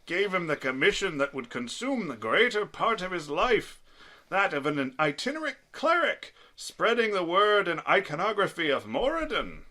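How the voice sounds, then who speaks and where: A man's voice: high voice, sing-song, normal speed, bright, forceful tone, exaggerated voice. A man putting on a little old man voice to read an elderly dwarf cleric's backstory at a tabletop game. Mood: solemn. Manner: reads a backstory aloud in a storyteller voice. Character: elderly male dwarf cleric, weathered and stiff. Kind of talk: tabletop character backstory reading.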